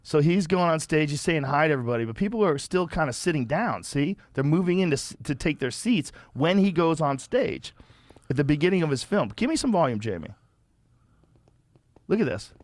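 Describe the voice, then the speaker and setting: A man hosting a podcast, telling stories in a casual, profane, animated way. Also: on the high side, a little fast, no room sound. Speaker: podcast host.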